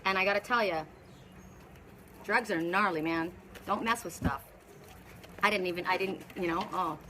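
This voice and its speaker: A woman's voice: lowish voice, normal speed, pushed and bright, slight background noise. A woman spiritual teacher talking casually on a live video, telling a story in a rambling way with many restarts. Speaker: spiritual teacher and oracle reader.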